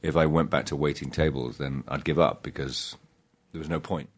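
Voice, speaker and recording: A man, an actor guest, chatting in an interview with a halting, self-deprecating manner, full of restarts and laughs. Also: extremely low pitch, steady tone. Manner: laughs between thoughts. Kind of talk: casual interview chat.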